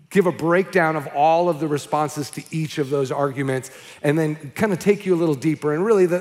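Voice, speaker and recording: A man preaching to his congregation in a loose, conversational way, telling stories and checking in with "okay?" His voice sits a little high for a man. A large hall adds a long echo behind him. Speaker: pastor. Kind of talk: sermon.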